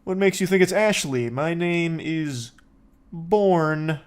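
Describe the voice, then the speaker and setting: A man voicing a drunk woman who insists she is sober, in a mocking falsetto. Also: takes it slowly, clear, resonant tone. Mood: mock-indignant.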